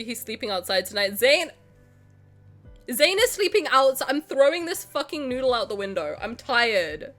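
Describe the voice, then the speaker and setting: A high-pitched, fairly bright-sounding woman plays a game live from home, chatting with her viewers while playfully swearing and mock-angrily ranting.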